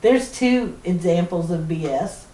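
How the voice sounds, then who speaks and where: A woman's voice: on the low side, unhurried. Middle-aged Southern woman, chatty podcast co-host, laughs through her tales, roomy room, mic set back. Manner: animated storyteller, laughs often mid-sentence. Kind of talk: casual storytelling chat. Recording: roomy sound from a distant mic.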